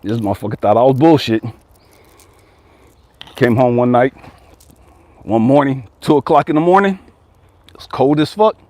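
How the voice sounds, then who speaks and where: A man's voice: mid-range voice, normal speed, pauses often, darkish tone, dry recording. A man in his forties giving a blunt, profane motivational talk as a life coach and channel host. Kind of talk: casual motivational monologue.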